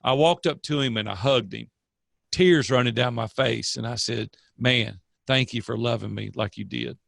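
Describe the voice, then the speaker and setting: Older man with a gravelly, earnest voice. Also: medium pitch, moderate pace, a bit bright, no room sound, studio quality. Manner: earnest, preachy storyteller. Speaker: guest, coach. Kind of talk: casual interview storytelling.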